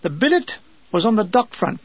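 Older man, dry wry memoir narration, raised pitch, husky rasp, close dead room, dull muffled sound. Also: sing-song, normal speed, no echo. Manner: dry comic delivery, mimics comrades in brief put-on voices. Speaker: narrator reading his war memoir. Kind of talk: humorous memoir reading.

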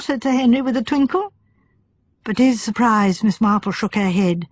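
Breathy woman reading a mystery aloud. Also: medium pitch, fairly quick, darkish tone, no room sound, studio quality. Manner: reads all parts, shifting tone between characters. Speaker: audiobook narrator. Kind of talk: scripted narration.

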